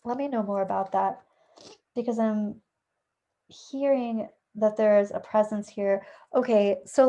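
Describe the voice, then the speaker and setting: Mellow-voiced woman giving a tarot reading. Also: mid-range voice, steady tone, a little slow, lo-fi sound. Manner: chatty, thinking aloud with fillers and self-corrections. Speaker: tarot reader. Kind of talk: casual spoken tarot reading. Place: at home with a dog nearby.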